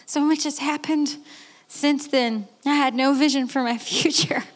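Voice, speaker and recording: A woman in her late thirties giving a candid, earnest personal testimony, with restarts and quick laughs. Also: high voice, fairly even intonation. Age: 30s. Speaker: guest speaker. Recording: echoey hall.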